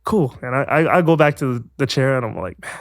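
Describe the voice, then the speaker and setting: A man's voice: medium pitch, quick pace, no room sound, studio quality. A man from Hawaii, a guest actor, telling a story casually and animatedly, acting out the voices of the people in it. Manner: animated, acts out voices in his stories.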